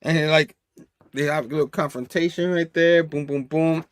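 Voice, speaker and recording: A man hosting a casual comic book review, talking in an animated way, laughing often and acting out the dialogue. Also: fairly high pitch, a little fast, no echo.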